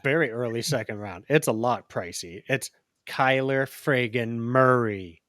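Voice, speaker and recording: A man's voice: mid-range voice, unhurried, a bit bright, no echo, clean studio sound. A man co-hosting a casual sports podcast, blunt, skeptical and profane. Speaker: podcast co-host.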